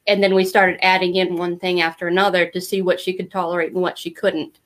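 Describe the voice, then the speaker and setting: A woman's voice: fairly low pitch, brisk. Middle-aged woman, interview guest. Candid, rambling storyteller who acts out quotes. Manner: candid, rambling, animated when quoting others. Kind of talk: casual storytelling.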